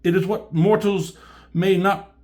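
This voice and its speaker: A man's voice: sits high, fairly even intonation, measured pace, warm tone, voice pushed up. A man voicing an overwrought woman warrior in a raised, theatrical, grandiose old-fashioned way. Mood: dramatic. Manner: grandiose archaic delivery.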